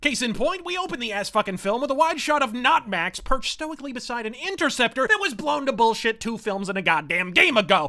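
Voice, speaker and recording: A man's voice: very high voice, sing-song, quick pace, hardly any pauses, sharp tone. A man hosting a comedic film review, ranting profanely and sarcastically.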